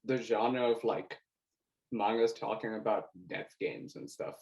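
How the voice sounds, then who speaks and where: A young man co-hosting a casual podcast over a video call, excitable and joking, swearing often. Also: on the low side, measured pace, poor audio. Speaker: podcast co-host.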